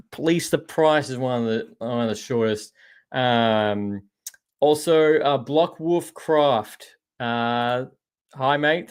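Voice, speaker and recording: Chatty Australian man hosting a podcast. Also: medium pitch. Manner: rambling, chatty, says "mate" a lot. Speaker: podcast host. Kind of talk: casual live-stream chat reading viewer comments.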